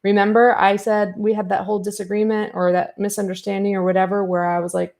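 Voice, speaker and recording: A woman hosting a commentary podcast, retelling an online feud in an animated, fired-up way and acting out the exchanges. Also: mid-range voice, fast talker, vocal fry. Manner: animated, fired-up retelling with quoted back-and-forth. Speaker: podcast host.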